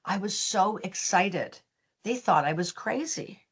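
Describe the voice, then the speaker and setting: A business founder, appearing as an interview guest, tells stories with lively energy and acts out the dialogue as she goes. Her mid-range voice is slightly rough and her pace unhurried.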